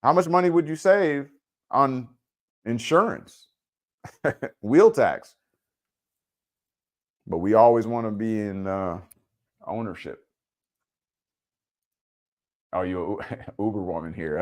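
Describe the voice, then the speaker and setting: Slow and expressive, with frequent pauses, a lowish-voiced man from Wisconsin hosts a casual livestream. He chats informally with viewers, answers their comments, and fills his speech with fillers.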